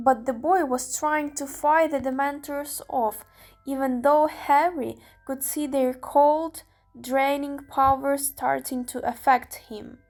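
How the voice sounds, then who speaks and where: A young woman narrates a novel in careful, measured phrases. Her voice is high and she reads slowly. Soft music plays faintly behind. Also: steady tone. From Ukraine. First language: Ukrainian. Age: young adult. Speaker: student reader. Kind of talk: audiobook narration.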